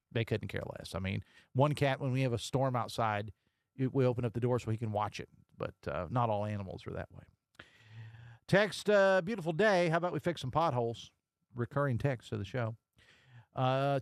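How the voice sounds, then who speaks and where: A man's voice: medium pitch, no echo, studio quality. A man hosting a radio talk show, reading listener texts aloud and chatting loosely. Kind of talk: casual call-in show chat.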